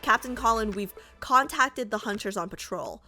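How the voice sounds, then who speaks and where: A woman voicing a brisk, matter-of-fact surveillance officer in a game story read aloud. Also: a little high, animated, sharp tone, soft background music, full character voice. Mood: urgent.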